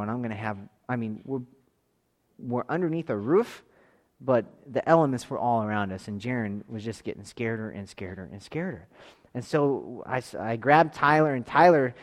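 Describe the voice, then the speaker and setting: A man in his thirties tells a family story in a loose, rambling way. He starts over often and slips into lively voiced quotes. His voice sits at an ordinary middle pitch. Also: in a large hall. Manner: rambling, animated, with quick restarts and voiced quotes. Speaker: father telling a church camp story. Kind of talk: casual storytelling.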